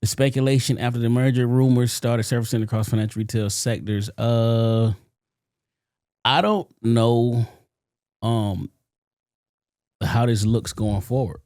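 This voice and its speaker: A man's voice: mid-range voice, fairly even intonation, a little slow, long pauses, darkish tone, no room sound, studio quality. A man co-hosting a podcast, laid-back and casual, reading out news items between short remarks. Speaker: podcast co-host.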